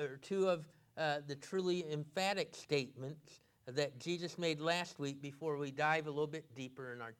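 A male pastor preaching an expository sermon, halting with many fillers and restarts. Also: on the high side, clean tone.

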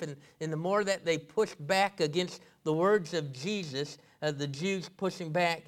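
A male pastor preaching an expository sermon, halting with many fillers and restarts. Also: a little high, a bit bright.

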